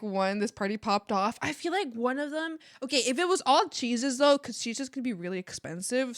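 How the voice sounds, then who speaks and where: A woman's voice: medium pitch, dry recording, studio quality. A woman streamer chatting casually while she reacts to videos, giggling and swearing freely.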